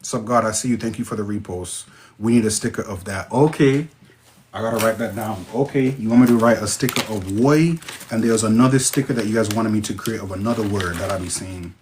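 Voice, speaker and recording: A man with a Jamaican accent hosting a casual livestream, reading viewer comments and breaking into sudden high exclamations. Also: fairly quick, a little hiss or hum. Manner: excitable, interjects sudden high-pitched exclamations. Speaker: livestream host.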